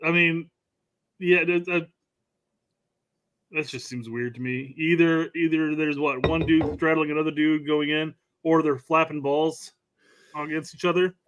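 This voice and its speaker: A man's voice: on the high side, fairly even intonation, a little slow, a bit bright, poor audio. A man co-hosting a casual podcast, chiming in with dry, laid-back remarks. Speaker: podcast co-host. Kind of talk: crude casual podcast banter.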